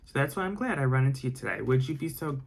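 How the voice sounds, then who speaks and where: A sly trickster rabbit with folksy country talk and a gravelly, crackly edge, as a man reads him out. He sits in an ordinary middle register and sounds cunning and easy-going, like a storybook rascal. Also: mid-range voice, very animated, fast. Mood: coaxing.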